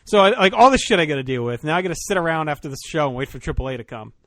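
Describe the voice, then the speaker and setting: Male podcast host, easygoing and profane, fairly high-pitched, dry recording. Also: racing, dry recording. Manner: relaxed, swears casually. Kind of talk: casual podcast chat.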